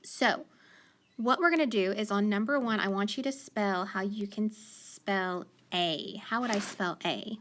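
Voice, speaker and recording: A woman's voice: medium pitch, fairly bright tone, slight background noise. A woman teacher giving a phonics lesson to young learners, sounding out letters and praising often. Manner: patient, sounds out letters slowly, frequent praise.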